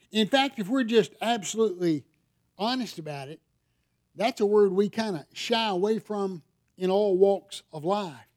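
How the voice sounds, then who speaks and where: This high-pitched, slightly mellow voice belongs to a middle-aged man, a pastor delivering a sermon. He talks to his congregation conversationally and keeps asking them rhetorical questions.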